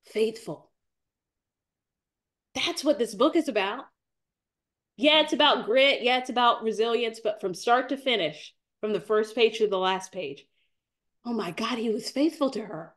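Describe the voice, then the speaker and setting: A woman's voice: a little slow, long pauses, fairly bright tone. Tearful woman in her forties testifying. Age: 40s. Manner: earnest, repeats phrases, rises in pitch as she grows tearful. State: near tears. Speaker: podcast guest, author. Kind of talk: emotional faith testimony.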